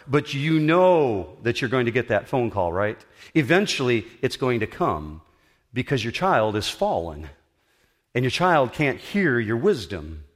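Middle-aged man, pastor, sermon, earnest, emphatic, dramatic pauses, auditorium. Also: medium pitch, fairly bright tone.

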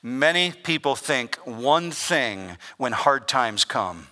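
Emphatic preacher in a ringing hall. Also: male voice, medium pitch, animated, sharp tone. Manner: emphatic preaching with dramatic pauses and swings in volume. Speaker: pastor. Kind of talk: sermon. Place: church sanctuary. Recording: long reverb of a large hall.

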